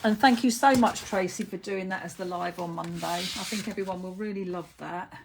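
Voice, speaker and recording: A woman's voice: on the low side, a little fast, vocal fry, slight background noise. A middle-aged British woman hosting a casual craft live stream, gushing with praise as she shows cards.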